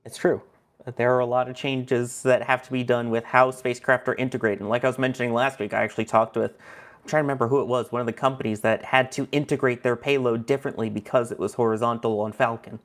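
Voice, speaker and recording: A man co-hosting a relaxed livestream, reading viewer comments aloud and laughing between them. He has a mid-range voice and a chatty, easygoing delivery. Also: mid-range voice, fast talker. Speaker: livestream co-host reading chat. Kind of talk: casual livestream chat.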